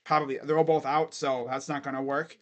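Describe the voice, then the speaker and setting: A man's voice: on the high side, level tone, fairly quick. A man streaming casual college football chat, thinking aloud and rambling with fillers and restarts. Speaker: sports streamer.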